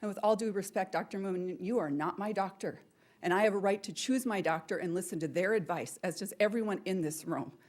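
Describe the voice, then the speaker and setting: A woman's voice: medium pitch, brisk, darkish tone. A woman and parent giving an emotional public comment at a school board meeting, pleading and repeating her questions. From North Dakota, US.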